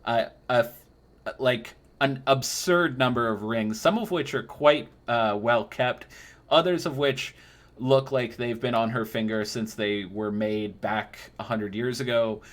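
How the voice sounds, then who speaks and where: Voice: mid-range voice, measured pace. A game master narrating a tabletop game in a loose, playful way with frequent fillers.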